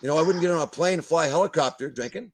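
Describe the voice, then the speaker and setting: A man's voice: on the high side, very fast, breathy edge. An older man, ranting bluntly as a guest in a video-call discussion, swearing and stumbling over repeated words. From Canada.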